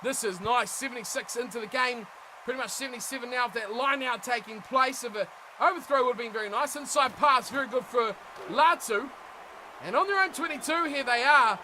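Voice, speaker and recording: A young man giving animated play-by-play commentary on a rugby management game, shouting at big plays and chatting to viewers. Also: extremely high pitch, noisy background. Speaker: gaming commentator.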